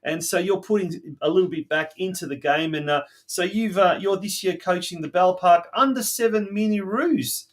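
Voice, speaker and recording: A man's voice: high-pitched, moderate pace, few pauses. An Australian man hosting a local sports podcast, chatting casually and enthusiastically. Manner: chatty, enthusiastic, frequent restarts. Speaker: podcast host.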